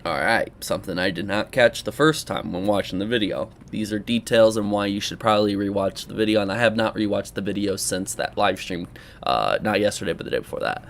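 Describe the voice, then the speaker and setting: A man's voice: on the low side, fairly quick, slight background noise. A young man hosting a reaction commentary, talking casually, exclaiming and joking with his viewers. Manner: animated, exclaiming, sarcastic asides. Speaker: commentary host.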